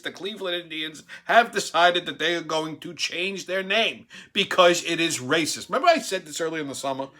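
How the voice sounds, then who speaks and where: A middle-aged man telling a story in a casual, profane, animated way, laughing as he talks. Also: fairly high pitch, brisk, few pauses. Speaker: show host.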